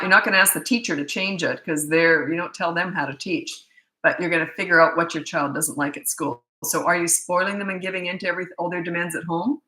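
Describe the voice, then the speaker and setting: A woman's voice: fairly low pitch, bright, forceful tone, roomy sound, low-quality recording. A middle-aged woman, a parenting coach, answering viewer questions in a blunt, candid and chatty way.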